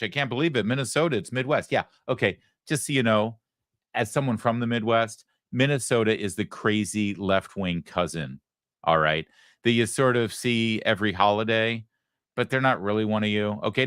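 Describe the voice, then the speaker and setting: A man's voice: fairly low pitch, fairly bright tone, dry recording, studio quality. A middle-aged man from Michigan hosting a political talk show, delivering an emphatic, sarcastic monologue. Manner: sarcastic, emphatic, quick asides.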